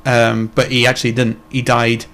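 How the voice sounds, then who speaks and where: A man's voice: mid-range voice, completely flat delivery, moderate pace, fairly bright tone. A young man co-hosting a casual podcast, talking bluntly and heatedly and swearing a lot. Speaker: podcast co-host.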